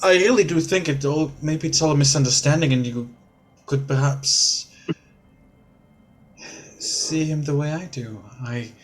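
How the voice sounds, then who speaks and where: A man's voice: a little high, close to an everyday voice. A man voicing a sweet, dreamy young woman who is soon to be queen, who talks in a gushing, hesitant way. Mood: hopeful. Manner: gushing, hesitant, with many halting restarts.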